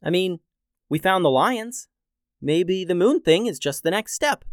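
A man voicing a young boy, an anxious but hopeful brother, speaking in a high, hesitant, pleading way. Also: expressive, unhurried, no echo, clean studio sound.

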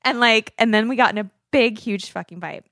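A woman's voice: a little high, fairly quick, vocal fry, pushed and bright, dry recording, clean studio sound. A woman in her thirties, a podcast co-host, telling a long personal story in casual chat, full of fillers and acted-out quotes.

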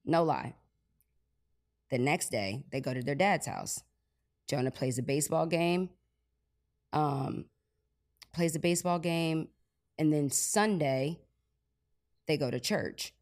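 A woman's voice: sits low, slow, pauses often, darkish tone. A mother and podcast co-host telling an earnest story in casual conversation, often repeating herself. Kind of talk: casual faith conversation and ad read.

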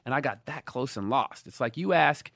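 A man in his thirties from Dallas, telling stories in a casual interview, animated, swinging between loud emphasis and quiet asides. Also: medium pitch, normal speed, vocal fry, no echo. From Dallas, USA. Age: 30s. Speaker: guest.

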